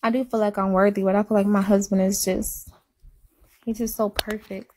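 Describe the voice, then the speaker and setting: A woman's voice: medium pitch, little pitch movement, normal speed, a little mellow. Woman rambling in casual livestream talk. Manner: rambling, self-deprecating, repetitive.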